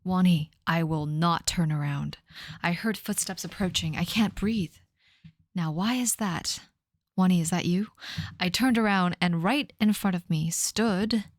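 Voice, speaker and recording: A woman's voice: fairly low pitch, measured pace, no echo. A woman in her thirties reading her teenage fanfic aloud on a live stream, often breaking off to laugh and comment. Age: 30s. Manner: laughing at her own writing, mock-dramatic asides.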